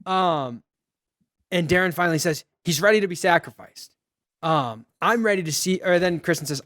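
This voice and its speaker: A man on a podcast, retelling a film scene by scene in a loose, rambling way. His voice sits a little high for a man. He drops into quoted lines and laughs often. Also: moderate pace, a bit bright. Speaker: podcast host. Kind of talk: casual movie recap chat.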